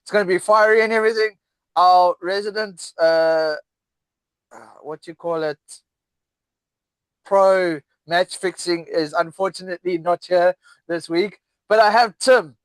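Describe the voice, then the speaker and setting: A man's voice: high voice, unhurried, smooth, no echo, poor audio. A man hosting a casual rugby podcast, rambling with lots of fillers and restarts. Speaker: podcast host. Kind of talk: casual sports podcast chat.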